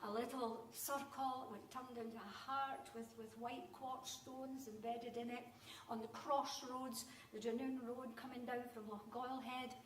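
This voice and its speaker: Older Scottish storyteller woman, comic and animated, miked from a distance in a conference hall. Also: on the high side, measured pace. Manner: lively, comic, animated delivery. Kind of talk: live storytelling to an audience. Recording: roomy hall sound, distant mic.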